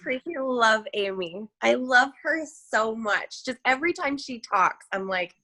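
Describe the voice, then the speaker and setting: A woman's voice: on the high side, animated, measured pace, sharp tone. A woman on a group video call who gushes enthusiastically, full of effusive praise. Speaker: team member on a group call. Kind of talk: enthusiastic chat.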